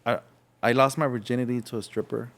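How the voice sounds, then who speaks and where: A young man from Los Angeles, a podcast guest telling his story in a frank, halting way, acting out voices as he goes. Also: mid-range voice, fairly even intonation, creaky. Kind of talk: casual storytelling.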